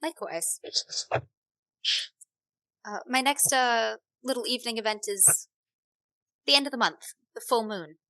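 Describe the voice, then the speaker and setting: A woman voicing a poised, seductive female art patron with a light Scottish accent, in a smooth, flattering, unhurried manner. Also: on the high side, no room sound, full character voice.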